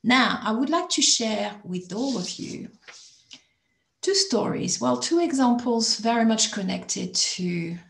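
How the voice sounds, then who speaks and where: A woman from abroad telling a personal story in a calm, measured, reflective way on a video call. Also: a little high, creaky, reverberant. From not from England. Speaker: chat panelist.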